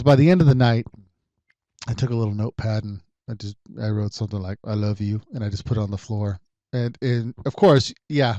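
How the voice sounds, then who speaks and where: A man's voice: medium pitch, darkish tone, dry recording, dull audio. A man in his thirties hosting a casual solo podcast, rambling through stories with lots of ums, restarts and wry asides. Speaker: podcast host.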